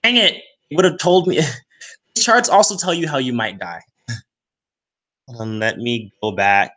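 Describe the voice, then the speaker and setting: Young guy chatting away playfully, bright voice, slow and unhurried. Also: medium pitch. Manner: playful, chatty, talks to his cat between tasks. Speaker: vlogger reading astrology charts. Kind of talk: casual solo chat.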